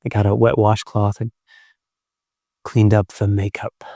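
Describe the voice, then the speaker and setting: A middle-aged man and podcast host telling a personal story in a gentle, unhurried way, with thoughtful pauses. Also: lowish voice, little pitch movement, vocal fry, no room sound, studio quality.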